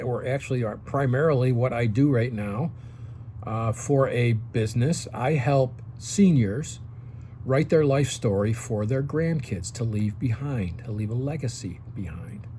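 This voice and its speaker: A man's voice: mid-range voice, darkish tone, slight background noise. A man in his sixties giving casual advice to seniors straight to the camera, coaching and often checking in with "okay?". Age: 60s.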